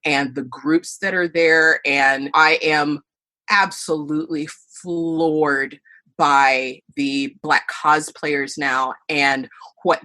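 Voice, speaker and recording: A middle-aged woman with a husky, slightly low voice tells stories as a podcast guest. She is animated and acts out the voices of people she quotes. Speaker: podcast guest, burlesque performer. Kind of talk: storytelling interview answers.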